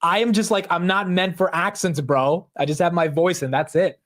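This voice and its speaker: A man's voice: sits high, steady tone, normal speed, a bit bright. A man hosting a live market show, talking casually with slang and thinking aloud. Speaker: livestream host.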